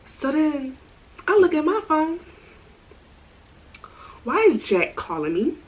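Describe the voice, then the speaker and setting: A woman's voice: high-pitched, slow pace, rough recording. Chatty woman telling a story. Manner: animated, slangy, full of asides. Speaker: storytime vlogger. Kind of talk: casual storytelling.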